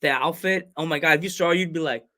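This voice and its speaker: An excitable man hosts a casual podcast chat. His voice sits a little high, and he tells stories with energy, acting out the shouts and cries of other people. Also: quick pace. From Long Island, New York. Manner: excitable storyteller, acts out quotes with loud cries. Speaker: podcast host.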